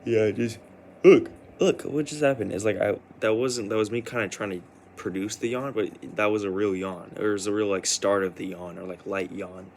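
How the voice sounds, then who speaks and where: A man's voice: fairly low pitch, flat delivery, fairly quick, slight background noise. A tired young man who stayed up all night, rambling in a personal vlog with many restarts and fillers. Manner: hesitant, full of restarts and "like". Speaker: vlogger.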